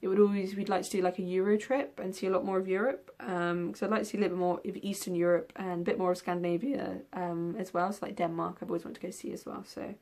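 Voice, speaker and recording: A woman's voice: fairly low pitch, flat delivery, fast, hardly any pauses, warm tone. Chatty young woman vlogging, rambling. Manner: rambling, with many ums and yawns. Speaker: book vlogger. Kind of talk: casual tag video chat.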